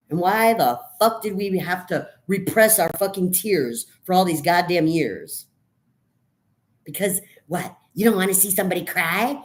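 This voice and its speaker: A middle-aged woman venting in a raw, profane monologue to camera, swinging from quiet brooding to loud outbursts. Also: fairly low pitch, normal speed. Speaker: vlogger.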